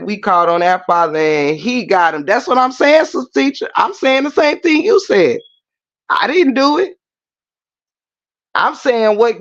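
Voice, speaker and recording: A man talks to his livestream viewers in an animated, preachy way. His voice sits high for a man. The stream audio sounds muffled and lo-fi. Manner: animated preachy talk, addresses viewers directly. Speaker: livestream host. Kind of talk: casual livestream chat.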